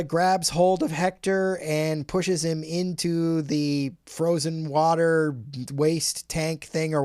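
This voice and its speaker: A man's voice: a little high, darkish tone, no room sound. Man, dry-sounding casual podcast co-host. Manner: recaps plot in a loose, chatty way. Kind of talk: casual film discussion.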